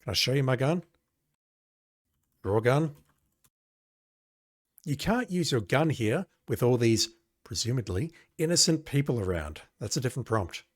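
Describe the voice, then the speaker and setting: Man doing game commentary, wry and sarcastic, lively pitch, dry close sound, typing heard. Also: no room sound. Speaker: let's play gamer. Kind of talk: casual game commentary, reading game text aloud.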